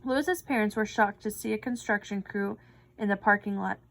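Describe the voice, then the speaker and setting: A woman reading a children's picture book aloud with slow, expressive delivery. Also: mid-range voice, gravelly, rough recording. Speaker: storybook reader.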